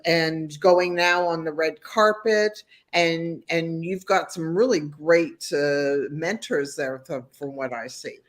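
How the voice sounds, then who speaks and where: A woman's voice: low-pitched, takes it slowly, hardly any pauses. A woman co-hosting an interview over a video call, asking thoughtful questions and feeling her way through them. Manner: thoughtful, searching questions with fillers. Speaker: podcast co-host.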